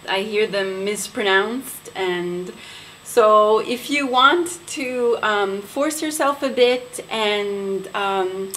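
Slow, unhurried woman beauty vlogger. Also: medium pitch, fairly bright tone, slight background noise, poor audio. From Quebec, Canada. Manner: unhurried, careful, elegant pronunciation. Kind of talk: casual vlog talk to camera.

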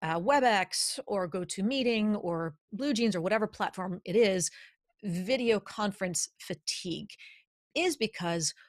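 Into a studio podcast microphone at home, a woman coaches listeners on voice for her instructional podcast, energetic, emphatic and demonstrative. She has a mid-range voice, and the recording has no room sound.

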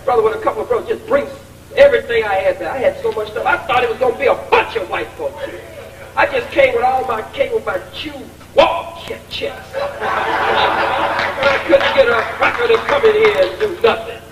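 A man's voice: very high voice, wildly swooping pitch, moderate pace, very noisy. A man giving a combative, taunting public speech with a preacher-like cadence at a college event. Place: large college lecture hall. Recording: echoey hall recording from far off.

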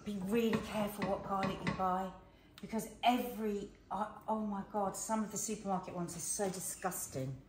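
A woman's voice: mid-range voice, fairly even intonation, moderate pace. Joking Englishwoman in an echoey kitchen. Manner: jokey, interrupting, speaks straight to viewers. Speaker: cooking show co-host. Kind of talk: casual banter and tips to viewers. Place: home kitchen. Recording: echoey kitchen with background hiss.

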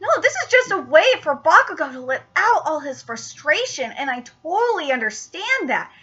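High, bright-voiced gushing young woman. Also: normal speed. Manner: gushing, excitable, swears freely. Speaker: manga reaction vlogger. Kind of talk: live manga reaction vlog. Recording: dull lo-fi recording.

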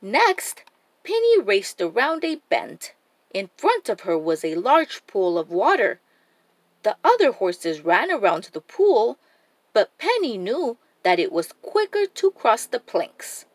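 A woman reading a children's picture book aloud, her voice moving up and down with a lot of expression. She takes an unhurried pace, and the sound is close and dry. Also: medium pitch, dry recording. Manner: expressive, animated read-aloud. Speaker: storybook reader.

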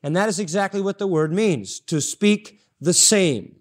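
A man with a notably high voice delivers a sermon from the pulpit. He preaches emphatically, driving points home by repeating short phrases. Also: measured pace. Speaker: pastor. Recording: audio-only sermon recording.

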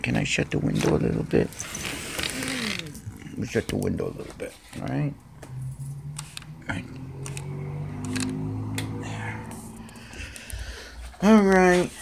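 A man's voice: mid-range voice, vocal fry, noisy background. A man chatting to his pet cats at home by a window, cooing baby talk at them. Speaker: cat owner filming his pets. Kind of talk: casual chat to his cats.

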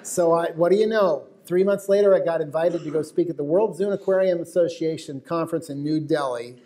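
Speaking a little fast, this American man has a fairly high, mellow voice. He's a wildlife photographer lecturing to a live crowd, spinning stories in a conversational way with side remarks to the audience.

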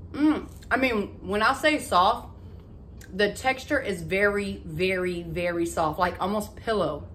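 A woman, chatting excitedly to her viewers in a casual haul vlog. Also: mid-range voice, takes it slowly, a little hiss or hum. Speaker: vlogger.

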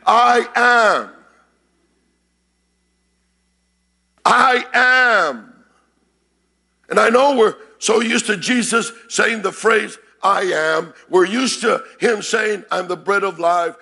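High, gravelly preaching pastor, man. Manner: shouts and repeats phrases, calls to congregation. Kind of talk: sermon. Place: church sanctuary.

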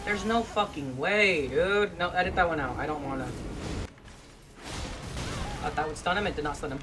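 A gamer giving let's play commentary, swearing often, grumbling low and then breaking into frustrated yells at the game. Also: normal speed, background noise. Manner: profane, frustrated, bursts into yells. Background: game music.

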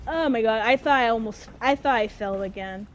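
A woman's voice: fairly high pitch, brisk. A woman giving casual gameplay commentary, exasperated and swearing, with slangy talk. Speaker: gaming streamer.

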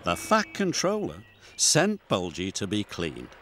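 Expressive British storybook narrator. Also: male voice, on the low side, unhurried, a little hiss or hum. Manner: warm, expressive storytelling with many character voices. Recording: studio voice-over with music underneath.

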